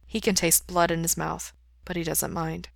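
A woman reading a story aloud in a calm, even way. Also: lowish voice, normal speed, vocal fry, no room sound. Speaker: reader. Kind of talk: storybook narration.

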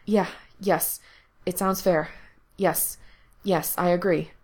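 A woman voicing an eager, nervous young man who tumbles over his words in quick replies. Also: high-pitched, fairly even intonation, full character voice. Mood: eager, flustered.

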